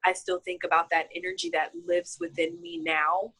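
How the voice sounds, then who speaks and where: A woman's voice: on the low side, flat delivery, normal speed, bright, forceful tone, husky, poor audio. A woman being interviewed about her healing, speaking heartfelt and choked up, with many fillers. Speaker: healing client. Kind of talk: casual video-call interview.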